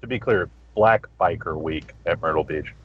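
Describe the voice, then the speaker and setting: A male podcast guest chatting casually, rambling and swearing in a relaxed way. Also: sits low, normal speed, faint music behind. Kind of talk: casual profane chat. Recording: dull lo-fi sound.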